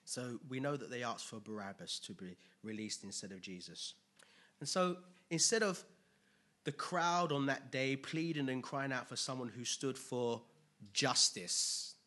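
Guy preaching, husky and bright, goes quiet then loud. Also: medium pitch. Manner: conversational, swings between quiet asides and loud emphatic bursts. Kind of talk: sermon.

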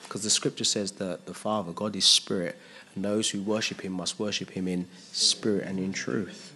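A man's voice: sits low, steady tone, normal speed, bright, forceful tone. Earnest man preaching a sermon. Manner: earnest, emphatic preaching with repeated phrases and rhetorical questions. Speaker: pastor.

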